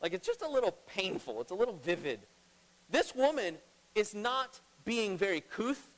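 Man preaching, high voice, emphatic, swings loud to hushed, long hall reverb. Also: big pitch swings, normal speed. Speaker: pastor. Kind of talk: sermon.

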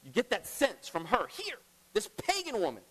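A middle-aged man preaching a sermon as pastor, emphatic, swinging between loud and hushed. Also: high-pitched, wildly swooping pitch, normal speed. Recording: long reverb of a large hall.

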